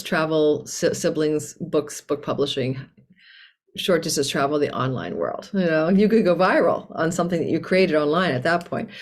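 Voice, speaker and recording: A woman with a slightly low voice hosts her own astrology channel and talks through the forecast in a loose, chatty way. She is candid and expressive and laughs easily. She records at home on a desk mic tucked under a tablecloth. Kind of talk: casual astrology forecast monologue.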